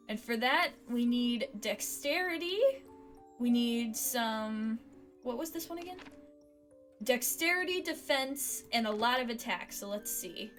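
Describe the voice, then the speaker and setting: A woman streaming a cozy fantasy game, chatty and excitable, thinking aloud as she plays. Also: fairly high pitch, a little slow, soft background music. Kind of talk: let's play commentary.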